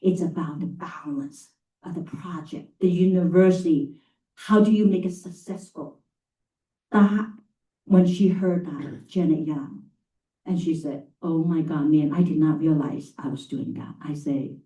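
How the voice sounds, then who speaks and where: A middle-aged woman, a campus facilities and sustainability leader, telling anecdotes to a live audience in an animated, emphatic way. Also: low-pitched, unhurried, roomy sound, far from the mic, poor audio. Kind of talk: storytelling talk to a live audience. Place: talk venue, indoors.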